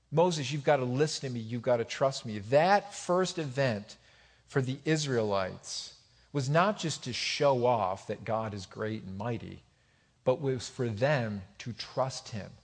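A pastor preaching a sermon, swinging from loud emphatic exhortation to quiet asides to the congregation. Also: male voice, mid-range voice, breathy edge.

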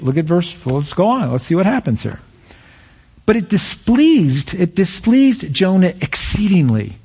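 Husky, high-voiced man preaching a sermon. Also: a little fast. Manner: energetic preaching, rising to excited peaks. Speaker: pastor.

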